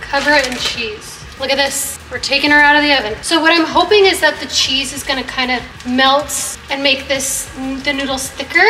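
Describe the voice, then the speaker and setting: Bright-voiced young woman vlogging while cooking. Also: high-pitched, slight background noise. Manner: chatty, frantic, talks to viewers while cooking. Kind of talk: casual cooking vlog. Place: home kitchen. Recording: echoey kitchen with long reverb. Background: soft background music.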